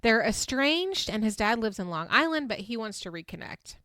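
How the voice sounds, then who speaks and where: A woman's voice: a little high, big pitch swings, moderate pace, bright, forceful tone, dry recording, studio quality. A woman past her twenties hosting a casual, chatty recap. She speaks frankly, swears freely and laughs often between fillers. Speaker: podcast host recapping a reality show.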